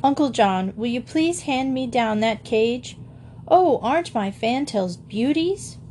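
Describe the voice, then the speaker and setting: A woman's voice: a little high, a little hiss or hum. A woman voicing a small, self-assured boy who fusses over his pets in a storybook. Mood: polite. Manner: brisk, excited, self-assured.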